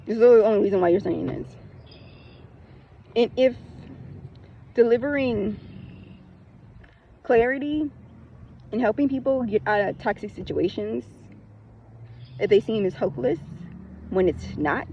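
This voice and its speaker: A woman speaks bluntly in a casual spiritual talk, hammering her points by repeating them and swearing freely. Her voice sits a little high, with a gravelly edge. The recording is slightly dull and lo-fi, with faint noise behind it. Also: animated, unhurried, long pauses. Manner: breaks into laughter. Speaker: spiritual content creator.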